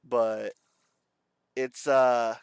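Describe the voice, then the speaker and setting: A young man talking in a casual vlog monologue, rambling and halting, with a slight lisp or slur in his speech. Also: medium pitch, level tone, creaky, clean tone, no echo. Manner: rambling, halting, self-described stutter. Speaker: streamer.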